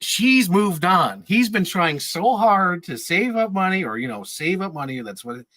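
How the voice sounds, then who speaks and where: A man's voice: high-pitched, very animated, unhurried, sharp tone, no room sound, poor audio. A man in his thirties telling casual, rambling stories on a podcast, laughing often and swearing freely. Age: 30s. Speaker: podcast regular. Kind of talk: casual storytelling chat.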